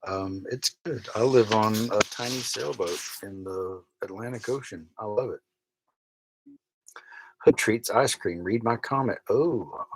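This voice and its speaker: A man's voice: fairly low pitch, a little slow, noisy background. A man, chatting casually from a tiny sailboat cabin and reading viewer comments aloud with wry mock outrage. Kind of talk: casual live-stream chat. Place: small cabin of a sailboat at night.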